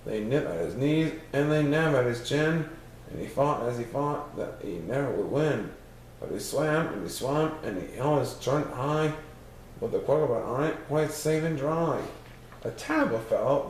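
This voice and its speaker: A man's voice: medium pitch, a little hiss or hum. A man reading a rhyming storybook aloud in a sing-song way. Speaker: storybook reader. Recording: very echoey room.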